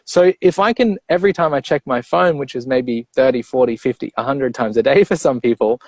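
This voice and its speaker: A man's voice: medium pitch, fairly quick, darkish tone, dry recording. Teacherly man explaining in a dry room. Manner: clear, teacherly, checks in with "right?" and "okay?". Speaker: breathwork coach. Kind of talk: explanatory interview talk.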